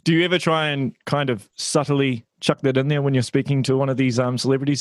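A man with a New Zealand accent hosting a podcast interview, asking questions in a relaxed, casual way. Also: mid-range voice, quick pace, no room sound, clean studio sound. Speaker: podcast host.

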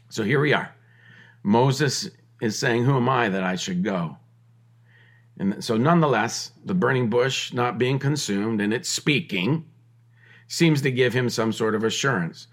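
A middle-aged man delivers a podcast sermon in an ordinary mid-range voice. He presses his points with repeated phrases and restarts, then slips into relaxed, joking asides. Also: medium pitch, unhurried. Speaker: podcast preacher.

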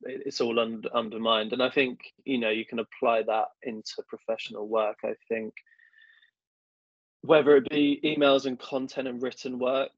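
A young man who works in government affairs appears as a guest on a podcast, telling stories in a casual interview with a chatty, self-deprecating manner and plenty of fillers. His voice sits in the mid range, with fairly even intonation and a moderate pace. The recording has no echo and a dull, dry, lo-fi sound.

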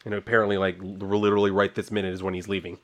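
A man's voice: low-pitched, rapid-fire, dull audio. Sarcastic man rambling through a comic recap. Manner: rambling, sarcastic, swears, reads character lines flatly. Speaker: comic book reviewer.

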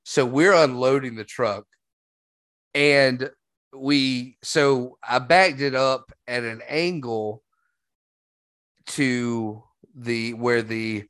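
A man's voice: mid-range voice, fairly even intonation, very slow, a bit bright, no echo. A man hosting a podcast, telling a rambling story in casual chat. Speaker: podcast host.

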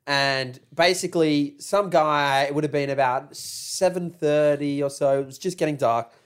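A man's voice: on the high side, moderate pace, clear, resonant tone. Give me a young man telling a rambling story. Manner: rambling anecdotal storyteller, laughing as he tells it. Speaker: podcast co-host. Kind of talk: casual chat.

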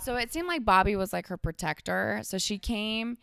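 A woman's voice: mid-range voice, moderate pace, creaky, clean tone. A woman guesting on a podcast, telling stories casually and animatedly with lots of "like" fillers. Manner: animated storytelling, many "like" fillers. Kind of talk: casual chat.

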